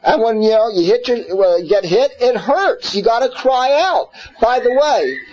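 A man's voice: very high voice, animated, normal speed, darkish tone, highs cut off. A man teaching a scripture class in an earnest way, repeating words and putting questions to his listeners. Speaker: Torah teacher.

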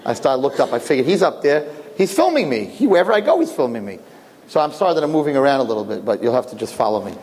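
A male rabbi giving a sermon as a lively story, jumping into voices and joking with his listeners. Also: mid-range voice, fast talker. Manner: animated, acts out voices, jokes with listeners. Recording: long reverb, faint background noise.

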